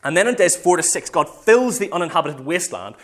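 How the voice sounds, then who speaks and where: A man's voice: a little high, fairly quick. Guy giving a chatty sermon, voice moves up and down a lot. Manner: conversational, self-correcting, animated storytelling. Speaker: preacher. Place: church meeting room.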